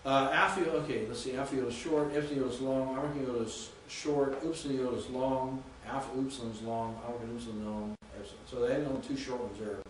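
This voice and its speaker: A man's voice: medium pitch, fairly even intonation. Male professor, methodical lecture delivery, distant mic in a reverberant classroom. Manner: patient, methodical, repeats pronunciations slowly. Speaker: Greek professor. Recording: echoey classroom from far off with faint noise.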